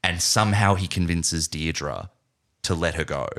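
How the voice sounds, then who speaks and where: A man's voice: low voice, a little slow, fairly bright tone. An Australian man co-hosting a casual film podcast, talking animatedly with laughs and swearing. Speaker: podcast co-host.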